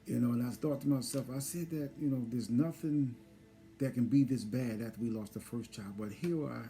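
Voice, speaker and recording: Husband in a testimony chat, very dark mellow voice, quiet and emotional. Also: male voice, medium pitch, brisk, faint music behind. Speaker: husband sharing loss story. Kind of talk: personal testimony conversation.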